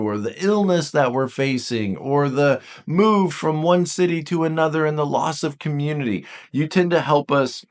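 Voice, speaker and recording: A man teaching about the Enneagram in a casual spoken lesson, talking straight to the viewer and reading book passages aloud with comments on them. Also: mid-range voice. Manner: animated, talks straight to the viewer.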